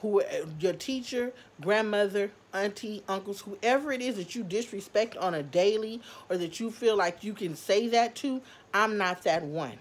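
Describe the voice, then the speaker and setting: A woman vlogger telling a story to her viewers, animated and laughing as she talks. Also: medium pitch, normal speed, hardly any pauses. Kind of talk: storytime vlog.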